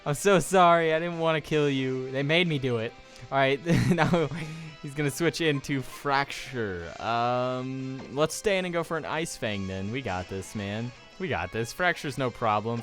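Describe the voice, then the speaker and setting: A man's voice: medium pitch, fairly bright tone. A young man casually commenting on his gameplay, rambling and joking as he goes. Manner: rambling, joking, reads game text aloud. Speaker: let's play commentator. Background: faint game music.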